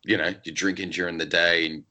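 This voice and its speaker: A man's voice: low voice, little pitch movement, fairly quick, sharp tone. An author talking in a casual interview, rambling and peppering his talk with fillers. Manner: rambling, full of "you know" fillers.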